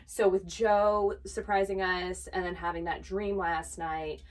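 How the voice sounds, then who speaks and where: A woman's voice: lowish voice, level tone, a little slow, far from the mic. A woman chatting casually and telling rambling stories, a little away from the microphone. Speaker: vintage box co-owner. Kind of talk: casual chat.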